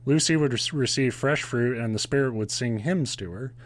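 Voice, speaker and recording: This podcast host retells a ghost legend in a casual, sarcastic and profane style, breaking into laughs often. He has a mid-range male voice and talks at a normal pace.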